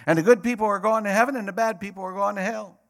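A man voicing a Bible-thumping hellfire preacher with a Southern US accent, booming fast and declamatory. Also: steady tone, a bit bright. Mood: thundering.

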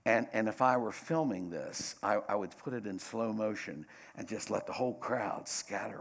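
A middle-aged man preaching a sermon, dramatic, swinging between loud bursts and hushed asides. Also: on the low side, moderate pace.

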